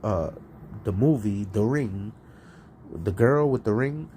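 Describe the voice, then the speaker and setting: A man talking casually on his live stream, rambling and profane, laughing between lines and swinging from loud outbursts to low mutters. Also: animated, slow pace, slight background noise. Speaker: streamer and rapper.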